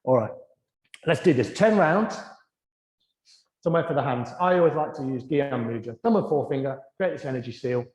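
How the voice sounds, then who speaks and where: A man teaching a yoga class, giving gentle, encouraging breathing and movement cues that soften and slow during the breathing practice. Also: mid-range voice, expressive, echoey room, long reverb tail. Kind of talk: guided yoga class instruction. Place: yoga studio.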